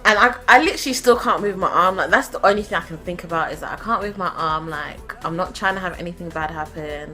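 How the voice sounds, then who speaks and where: Young woman, vlogger, animated and laughing, sharp bright tone. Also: on the low side, a little fast, few pauses, soft background music. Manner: chatty, animated, laughs often. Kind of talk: storytime vlog.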